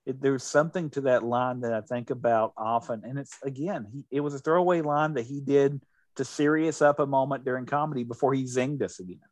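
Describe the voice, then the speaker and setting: A man co-hosting a casual podcast chat, talking in an animated way with many restarts. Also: medium pitch, brisk, dry recording. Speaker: podcast co-host.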